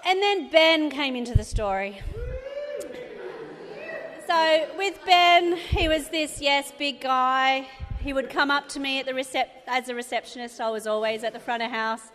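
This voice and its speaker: A woman's voice: high voice, unhurried, fairly bright tone, a little hiss or hum. A woman in her thirties with an Australian accent giving a chatty, rambling wedding speech for her sister, laughing often. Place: wedding reception venue. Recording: reverberant hall.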